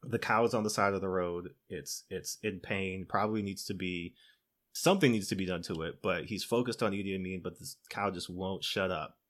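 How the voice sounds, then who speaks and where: A man's voice: low-pitched, fairly quick, a bit bright. A man co-hosting a podcast, casually retelling a film's plot in a loose, conversational way and often breaking into laughter. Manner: laughs often while retelling, acts out quoted lines in his own voice; conversational, loose fillers like "you know" and "like". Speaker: podcast co-host. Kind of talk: casual movie recap.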